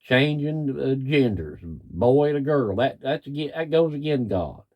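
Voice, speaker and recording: A man's voice: medium pitch, expressive, a little slow, muffled recording. A middle-aged man, a cattle farmer ranting in plain, folksy, angry talk. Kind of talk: frustrated rant to camera.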